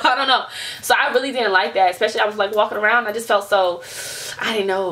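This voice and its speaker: A woman's voice: on the high side, quick pace. A young woman, telling a casual storytime vlog and talking straight to her viewers. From United States. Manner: animated storyteller, addresses viewers as y'all. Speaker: vlogger.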